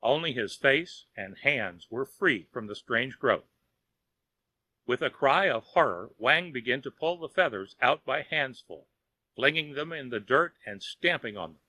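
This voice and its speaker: A man narrating a children's audiobook in a lively storytelling manner. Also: medium pitch, measured pace, dry recording.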